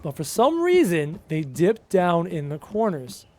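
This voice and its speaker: A man's voice: high voice, huge pitch swings, unhurried, darkish tone, slight background noise. A man live streaming a game, chattily reading viewer questions aloud and answering them, humming little tunes to himself in between. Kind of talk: casual live stream Q&A while playing.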